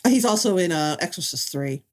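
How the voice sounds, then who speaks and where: A woman's voice: on the low side, expressive, a little fast. A woman co-hosting a podcast, joking playfully about a movie. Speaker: podcast co-host. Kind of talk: casual movie riffing chat.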